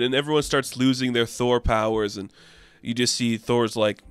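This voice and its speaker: A man's voice: mid-range voice, steady tone, normal speed, smooth, dry recording. A man casually recapping a comic book, chatty and enthusiastic. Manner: chatty, enthusiastic, acts out quotes.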